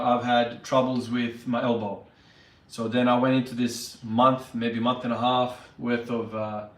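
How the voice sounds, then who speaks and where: A man chatting casually on a livestream, upbeat and greeting viewers by name. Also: medium pitch. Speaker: fitness vlogger. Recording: echoey room, mic at a distance.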